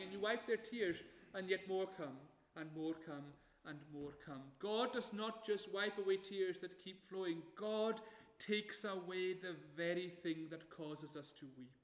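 Man, sermon, high voice, emphatic, measured, roomy echo. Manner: measured, emphatic, slowing on key phrases. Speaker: preacher.

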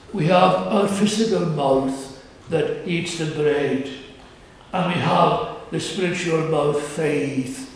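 A man preaching a communion sermon in a church, slow, earnest and measured, with pauses. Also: fairly high pitch. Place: church sanctuary. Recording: very echoey church, distant mic, faint hiss.

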